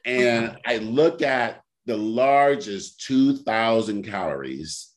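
A man co-hosting a casual podcast, telling stories in an animated way and breaking into loud laughter. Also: mid-range voice, slow pace. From Sacramento area. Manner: animated storyteller, bursts into shouting laughter. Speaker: podcast co-host. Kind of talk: casual storytelling chat.

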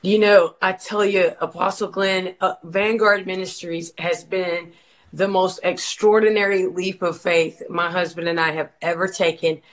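A woman's voice: on the low side, steady tone, unhurried, poor audio. A woman from Georgia, giving a passionate, preacher-like testimony about her ministry in an interview. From Georgia, USA. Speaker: worship leader and ministry co-founder.

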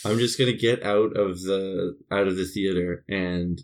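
A man co-hosts a podcast in loose, casual talk. His voice is a bit low, and he rambles and laughs often. He drops swear words without a second thought. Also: fairly even intonation, a little slow. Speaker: podcast co-host. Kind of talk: casual chat.

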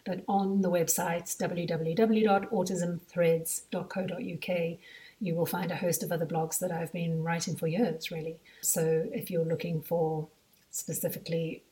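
A woman's voice: on the low side, flat delivery, normal speed, warm tone, distant mic. A woman with a South African accent, hosting a podcast as a mother, talking in a chatty way full of asides. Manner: chatty, thinks aloud with frequent asides. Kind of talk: casual podcast monologue.

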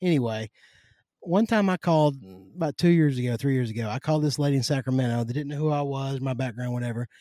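A man with a Southern US accent from Kentucky, a podcast guest telling stories in a folksy, animated way. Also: mid-range voice, fast talker, no echo, clean studio sound. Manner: folksy, animated storytelling with down-home sayings. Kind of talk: casual conversation.

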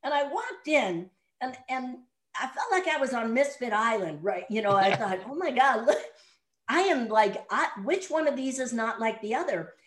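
Animated, laughing woman storyteller. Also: a little high, moderate pace, low-quality recording. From Chicago area. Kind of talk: casual chat.

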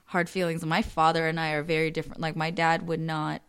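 A young woman co-hosting a podcast, telling family stories in a casual, animated way and laughing often. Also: sits low, brisk, clean tone. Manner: animated storytelling, acts out quotes, laughs often. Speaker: podcast co-host. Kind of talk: casual chat.

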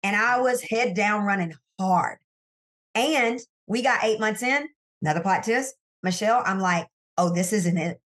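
Woman, sales coach guest; candid, animated storyteller who speaks straight to the audience; recorded in her office. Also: mid-range voice, unhurried. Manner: animated, emphatic storyteller who addresses listeners directly. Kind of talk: candid faith-based interview storytelling.

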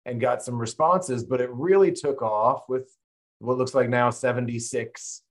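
A man co-hosting a podcast, talking in a loose, relaxed, rambling way. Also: mid-range voice, measured pace. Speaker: podcast co-host. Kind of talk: casual chat.

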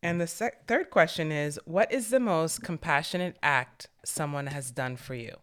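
Smooth-voiced affirming interviewer. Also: mid-range voice, moderate pace. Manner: warm affirming listener. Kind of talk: conversational interview.

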